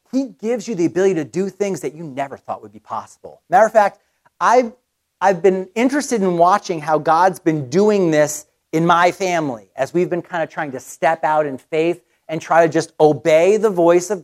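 A middle-aged man preaching a sermon in a lively, conversational way, telling a personal story with quick restarts. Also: high-pitched. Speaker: pastor.

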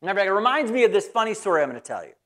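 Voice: mid-range voice, sing-song, racing, fairly bright tone. A pastor giving a conversational, folksy sermon in church.

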